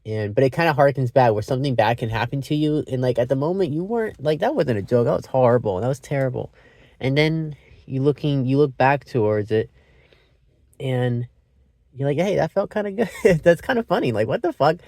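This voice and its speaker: Very animated and fairly quick, a man reviews a movie in a rambling, wandering style, interrupting himself and dropping casual curses. His middle-pitched voice has a darkish tone, recorded dry and close with no echo or room sound.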